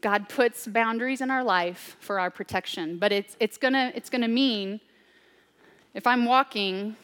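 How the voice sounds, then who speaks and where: A woman preaching a sermon, swinging between loud, urgent declarations and hushed, near-whispered asides. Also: on the high side, measured pace, clean tone, in a large hall.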